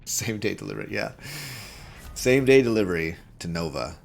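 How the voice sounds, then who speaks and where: A man's voice: fairly low pitch, animated, takes it slowly, creaky. A man streaming a video game, chatting casually with viewers in a rambling, jokey way and chuckling at his own jokes into a desk microphone. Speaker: gaming streamer.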